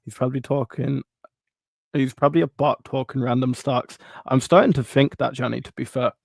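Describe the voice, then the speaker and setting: A man's voice: mid-range voice, fairly quick, gravelly, darkish tone, dry recording. A man hosting a casual livestream, upbeat and jokey, greeting viewers by name and reading their comments. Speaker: livestream host reading chat.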